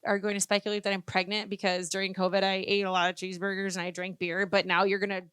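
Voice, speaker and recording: A woman in her late thirties talks candidly as a guest in casual chat. Her voice is bright and forceful, and she laughs easily. The recording is dry and close. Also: medium pitch, little pitch movement, fast, smooth, dry recording. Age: late 30s. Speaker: sports broadcaster guest.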